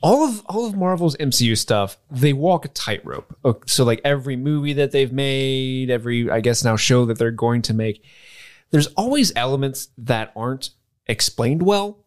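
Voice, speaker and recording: A man's voice: medium pitch, expressive, moderate pace. A man co-hosting a podcast, rambling loosely through a casual chat and swearing freely. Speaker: podcast co-host.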